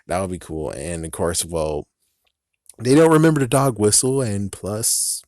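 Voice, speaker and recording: A man's voice: fairly low pitch, measured pace, darkish tone, no room sound, studio quality. A man talking casually on his own, thinking aloud with many restarts and loose slang. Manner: casual, says "freaking" often. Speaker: fan channel host. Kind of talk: casual solo commentary.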